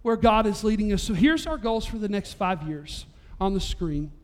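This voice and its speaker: A man, preaching a sermon as pastor and telling a story in an animated way, his voice rising to near-shouts at the high points. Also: normal speed. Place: church sanctuary.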